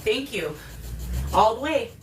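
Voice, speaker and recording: A woman hosting a live paranormal spirit session, coaxing the spirits and greeting her viewers in a warm, emotional way. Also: a little high, very animated, slow, slight background noise. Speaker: paranormal livestream host.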